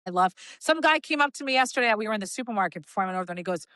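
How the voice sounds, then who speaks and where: Woman cohost, bright voice, chatty storyteller, dry close sound. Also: medium pitch, racing, few pauses, no room sound. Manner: animated storytelling with quoted voices. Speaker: podcast co-host. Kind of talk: casual chat.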